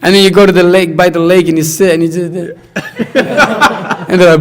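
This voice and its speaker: A young man in casual conversation, telling animated stories and acting out his friends' voices. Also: high voice, normal speed.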